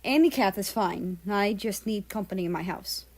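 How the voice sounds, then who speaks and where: A woman voicing a calm man with a heavy Russian accent. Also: medium pitch, moderate pace, lightly acted. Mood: flat. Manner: calm, quiet and coaxing. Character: gruff grown man personified as a country.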